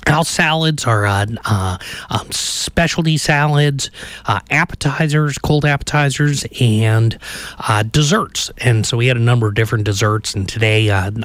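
A man's voice: lowish voice, a bit bright, no echo. Middle-aged male chef, casual cooking chat, rambly with lots of ums, dry voice. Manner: rambling, many ums and uhs, laughs at his own stories. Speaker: chef teaching a recipe. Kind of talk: casual cooking demonstration with storytelling.

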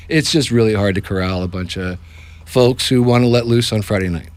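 A man who runs improv workshops, talking in a casual, jokey interview with animated asides. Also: mid-range voice, normal speed, no room sound. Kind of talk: casual radio-style interview.

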